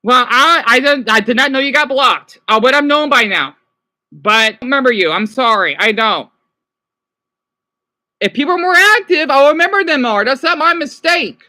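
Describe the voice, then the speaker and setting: A man's voice: very high-pitched, lively intonation, normal speed, sharp tone. A man ranting on a live stream, agitated, swearing often, stumbling over restarts and answering his chat. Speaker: livestreamer.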